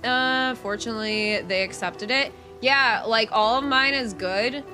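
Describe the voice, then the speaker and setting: A woman's voice: on the high side, unhurried, pushed and bright, soft background music. A woman streaming live, chatting casually and answering her chat with frank, profane talk.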